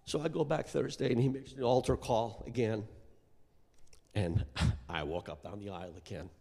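A middle-aged man from Iraq preaches his testimony in a big church sanctuary, his voice carrying a long reverb through the hall. He speaks at a middle pitch for a man and climbs into passionate, near-shouted peaks when the story swells. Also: moderate pace, vocal fry. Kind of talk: sermon testimony.

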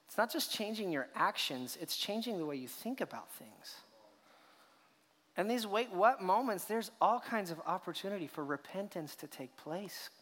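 A man's voice: high-pitched, animated, moderate pace, a bit bright. A man preaching a sermon as a pastor, telling the story with rhetorical questions and acted reactions. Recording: long hall reverb.

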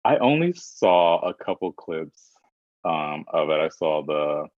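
A man co-hosting a casual pop culture chat, sassy and dismissive with drawn-out asides. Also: a bass voice, sing-song, a little mellow, no echo. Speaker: podcast co-host. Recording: dry, dull lo-fi sound.

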